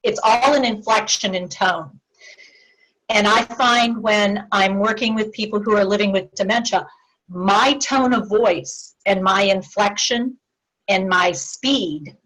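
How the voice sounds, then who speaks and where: A woman's voice: medium pitch, fairly bright tone, low-quality recording. Woman educator explaining dementia communication, earnest, acts out little example lines. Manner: earnest, acts out sample phrases with shifting tone. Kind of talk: presentation to a support group.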